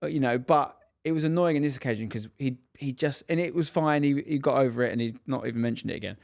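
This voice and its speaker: A man's voice: medium pitch, fast talker, creaky, no room sound, clean studio sound. A man co-hosting a casual podcast chat, telling a story and acting out the people in it. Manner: animated storyteller acting out quotes. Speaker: podcast co-host, dad.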